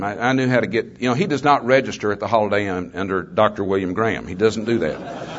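Speaking briskly in a lowish voice, a former mayor appears as a guest speaker, sharing his testimony with an audience. The older man tells folksy stories conversationally, dropping in jokes along the way, on a slightly dull lo-fi recording.

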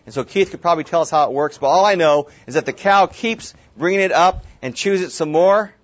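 A man's voice: a little high, a little fast. A man teaching a Bible study class, talking casually and restarting words as he goes. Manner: repeats words as he restarts, casual asides to the group. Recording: dull lo-fi room recording.

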